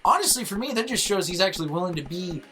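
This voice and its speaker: A man's voice: high-pitched, lively intonation, fast, low-quality recording. A young man on a casual podcast, ranting about football in a heated, profane way. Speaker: podcast co-host.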